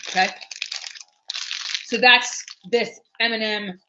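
A woman reviewing candy on a livestream, animated and exaggerated as she talks straight to her viewers. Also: fairly high pitch, slow, background noise. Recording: dull lo-fi livestream audio.

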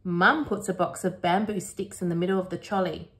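A woman educator reading a children's picture book aloud in a clear, unhurried way. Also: lowish voice, steady tone, fairly bright tone.

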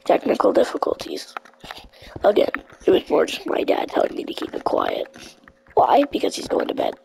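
A woman's voice: medium pitch, huge pitch swings, a little fast, vocal fry, a little mellow, slight background noise, rough recording. A woman chatting casually while gaming with a friend, often dropping to a whisper and apologizing in a rambling way. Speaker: gamer playing with a friend.

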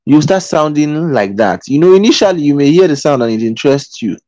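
A man's voice: fairly high pitch, lively intonation, fairly quick, dark tone, dry recording, rough recording. A man giving a live-streamed motivational talk, earnest and pleading, who repeats his phrases and keeps checking in with his listeners. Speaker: motivational speaker. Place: in Qatar.

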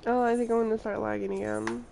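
A young woman streaming a game live, sick and congested, chatting casually and getting excitable when surprised. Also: on the high side, fast, a little hiss or hum. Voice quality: gravelly.

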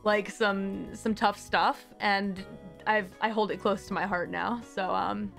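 A young woman hosting a casual chat stream, rambling in an animated way and slipping into playful put-on voices. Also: medium pitch, slow pace, gravelly, faint music behind. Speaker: streamer host.

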